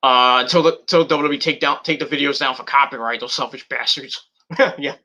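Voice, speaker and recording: A man's voice: medium pitch, fairly even intonation, a little fast. A man in his thirties hosting a podcast, chatting casually in a rambling, profane way with frequent restarts. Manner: rambling, profane, restarts often, shouts in bursts. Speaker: podcast host.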